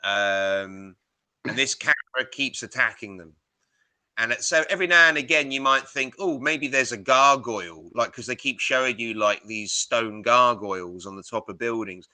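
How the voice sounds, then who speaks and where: A man co-hosting a film podcast, rambling and animated as he retells scenes, with casual swearing. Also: medium pitch, normal speed, clean tone, no echo. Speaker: podcast co-host. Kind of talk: casual film-review chat.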